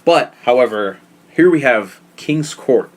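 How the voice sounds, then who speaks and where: A man hosting a casual podcast, talking in a profane, animated, opinionated way. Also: mid-range voice, measured pace. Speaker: podcast host. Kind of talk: casual wrestling podcast chat.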